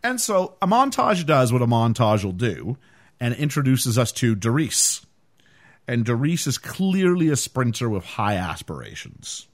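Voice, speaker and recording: Lively-voiced man hosting a film podcast. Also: medium pitch, unhurried. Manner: animated, chatty with frequent fillers. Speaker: podcast host. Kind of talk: casual film discussion.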